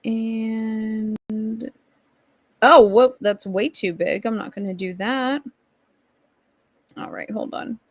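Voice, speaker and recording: A woman hosting a casual livestream reads chat messages aloud and rambles chattily through her commentary, reacting to chat. Her slightly high voice is steady and slow, with frequent pauses, in a dry recording.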